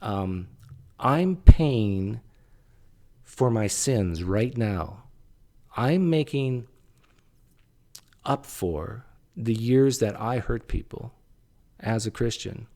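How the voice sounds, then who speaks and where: Man, low-pitched voice going hoarse, casual commentator, frequent throat-clearing, wry. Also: lively intonation, drawn-out words, long pauses, warm tone. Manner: clears throat often, sarcastic asides. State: voice straining. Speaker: channel host critiquing a recorded conversation.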